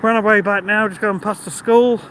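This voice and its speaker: A man's voice: high voice, fairly even intonation, brisk, fairly bright tone, low-quality recording. A man, chatting on a live stream while walking outdoors and reading out viewer comments. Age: 50s. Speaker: vlogger. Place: outdoors by a busy road in the evening. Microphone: phone held while walking. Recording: outdoor phone recording with traffic noise.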